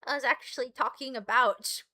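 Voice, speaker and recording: A woman's voice: sits high, normal speed, sharp tone, no echo, clean studio sound. A woman streamer reading a webcomic aloud and chatting to her viewers in a giggly, rambling, self-deprecating way. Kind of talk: casual live-stream reading with chat asides.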